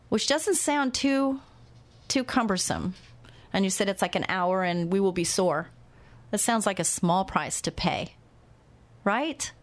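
Earnest woman hosting a radio talk show. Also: medium pitch. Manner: earnest, urgent appeals to listeners.

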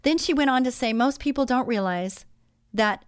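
A woman's voice: high-pitched, moderate pace, smooth, dry recording, clean studio sound. A woman hosting a Christian radio talk show, speaking conversationally with many fillers.

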